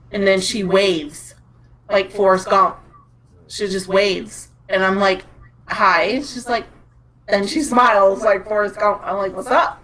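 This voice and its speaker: A woman's voice: medium pitch, fairly bright tone, a little hiss or hum, poor audio. A woman in her thirties on a podcast, rambling through a story in a casual, chatty way with laughter. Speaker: podcast co-host. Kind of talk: casual chat.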